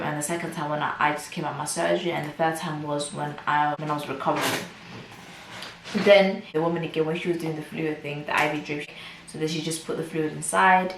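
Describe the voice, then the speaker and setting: Young woman, lowish voice, emphatic storytime vlogger, recorded at a distance. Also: slight background noise. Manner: emphatic, repetitive retelling. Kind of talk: storytime vlog. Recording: roomy, from a distance.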